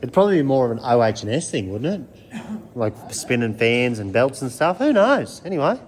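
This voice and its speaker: A man's voice: medium pitch, animated, brisk. A man with an Australian accent, casually chatting upbeat to his viewers while working on a car in a panel repair workshop. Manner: upbeat, chatty, laid-back slang, yells playful calls. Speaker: vlogger. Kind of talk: casual chat.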